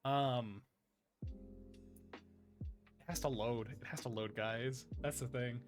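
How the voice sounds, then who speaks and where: A man streaming live, chatting in a soft, breathy, put-on high "femboy" voice close to the mic, giggling and reading chat aloud. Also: steady tone, slow pace, music in the background.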